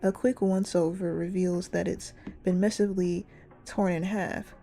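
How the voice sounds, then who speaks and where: A young woman reading a story game aloud and reacting in an animated, giggly, slangy way. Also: fairly low pitch, unhurried, creaky, soft background music. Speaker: gamer playing a story game.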